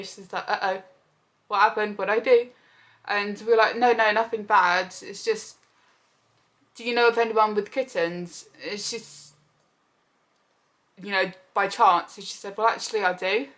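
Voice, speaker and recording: A woman's voice: medium pitch, measured pace, long pauses. A young woman chats through a personal story for her vlog. She talks casually and brings the tale to life by voicing the people in it. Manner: chatty, animated retelling with quoted voices. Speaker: vlogger.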